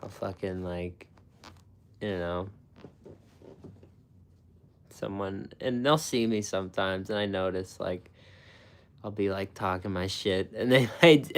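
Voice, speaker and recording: A deep-voiced man hosting a food channel chats unhurriedly with viewers on a live stream, pausing often. His talk is rambling and profane, peppered with laughs and fillers.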